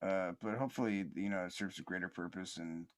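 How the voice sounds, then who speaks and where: A man hosting a podcast, reflecting in a slow, halting way with many fillers and restarts, in a soothing, almost sleepy cadence. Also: sits low. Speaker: podcast host.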